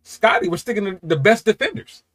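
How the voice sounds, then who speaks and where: A man hosting a music reaction, talking casually and excitably, swearing often and swinging from low muttering to loud outbursts. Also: fairly quick.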